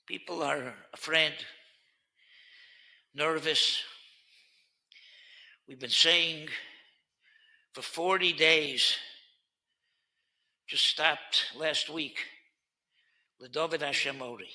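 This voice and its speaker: A man's voice: fairly high pitch, slow pace, long pauses, sharp tone. A man giving a Torah talk as a rabbi, earnest and teacherly, who drops in Hebrew terms and pushes hard on key words. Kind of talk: Torah lecture on current events.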